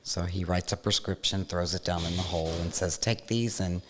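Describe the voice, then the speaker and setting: A man hosting a casual talk, relaxed as he tells a story. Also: low voice, a little fast, a little hiss or hum. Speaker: podcast host. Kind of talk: casual conversation, joke telling.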